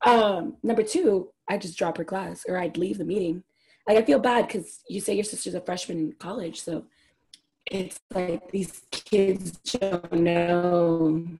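Mellow-voiced young woman co-hosting. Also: on the low side, fairly even intonation, measured pace. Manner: blunt, profane, laughs along. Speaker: podcast co-host. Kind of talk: casual podcast chat.

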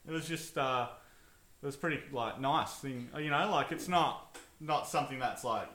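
A man's voice: mid-range voice, normal speed, sharp tone, roomy sound. A man co-hosting a podcast, telling a story hesitantly with many ums and restarts. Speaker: podcast co-host. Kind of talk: casual storytelling.

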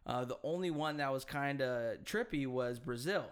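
Man, casual chat, rambling, hesitant, swears, middle-pitched voice. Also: normal speed, smooth. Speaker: podcast co-host.

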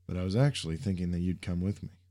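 An earnest young superhero with an insistent, encouraging manner, as a male reader voices him. His voice is low and mellow, only a little raised above the narration. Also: fast, natural voice.

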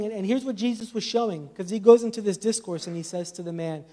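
Man, very high voice, passionate preacher, conversational sermon, casual asides. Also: quick pace, warm tone.

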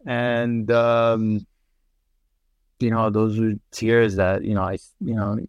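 Podcast guest, man, New York accent, low-pitched, dry, earnest and rambling. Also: little pitch movement, slow, clear, resonant tone, no room sound, highs cut off. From Russia. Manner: earnest, emotional storytelling with many fillers. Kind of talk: casual conversational interview.

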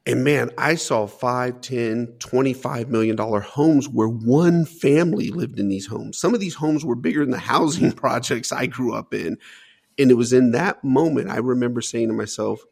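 A man with a gravelly, fry-edged voice tells his own story as an interview guest. He talks earnestly, restarting and repeating words as he gathers his thoughts. His pitch sits in an ordinary middle range. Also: normal speed, darkish tone. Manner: earnest, repeats words while searching for them. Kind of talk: personal storytelling.

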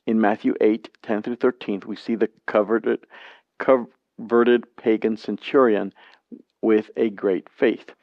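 A man teaching a Bible study lesson, reading scripture passages aloud and explaining them in a plain, measured way. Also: lowish voice, no room sound. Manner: plain, measured reading with brief spoken asides. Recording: dry, dull lo-fi sound.

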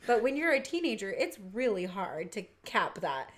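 A middle-aged woman chatting casually, telling family stories in an animated way and laughing often. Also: mid-range voice, normal speed. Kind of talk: casual chat.

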